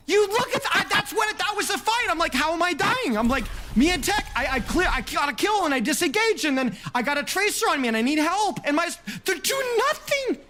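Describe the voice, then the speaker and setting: A man reviewing gameplay in an exasperated rant, repeating himself and often shouting. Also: very high-pitched, big pitch swings, a little fast, few pauses, soft background music.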